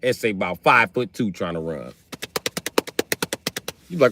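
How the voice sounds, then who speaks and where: Animated man telling stories on a livestream. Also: moderate pace, noisy background. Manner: animated, acts out shouted characters in high strained voices. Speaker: livestream host. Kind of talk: comedic storytelling on a livestream.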